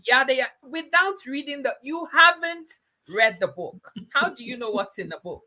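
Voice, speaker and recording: A woman's voice: high-pitched, lively intonation, normal speed, pushed and bright. A woman from Ghana hosting a casual conversation, emphatic and affirming. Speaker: host. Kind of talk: casual chat.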